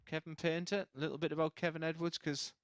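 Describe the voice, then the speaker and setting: A man's voice: on the high side, flat delivery, fast, slight background noise. A man giving live darts commentary, chatty and opinionated, teasing his co-commentator from the commentary box.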